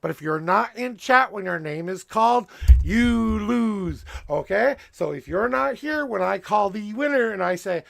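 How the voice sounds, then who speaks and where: Loud, joking man hosting a livestream. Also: high voice, lively intonation, unhurried, creaky, dry recording. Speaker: livestream tarot reader host. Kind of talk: casual livestream chat. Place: home room with door.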